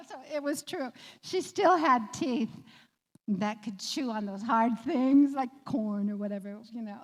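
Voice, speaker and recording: A woman's voice: a little high, measured pace. Reverberant woman telling a heartfelt story. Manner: warm, laughing often, animated when recalling. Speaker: guest. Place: community office room.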